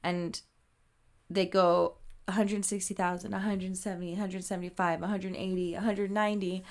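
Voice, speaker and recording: A woman's voice: mid-range voice, level tone, normal speed. A woman co-hosting a podcast, animatedly retelling a movie plot in casual chat, full of "like" and casual swearing. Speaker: podcast co-host.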